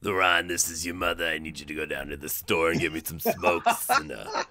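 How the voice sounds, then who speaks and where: A man putting on a raspy old smoker mother. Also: sits low, big pitch swings, fairly quick, pushed and bright, no echo, clean studio sound, exaggerated voice. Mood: nagging. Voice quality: gravelly, smoke-worn. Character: raspy old woman, a chain-smoking mother.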